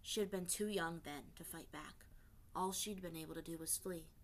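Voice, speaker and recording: A woman reading fan fiction aloud in a steady storytelling voice. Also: fairly low pitch, normal speed. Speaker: reader.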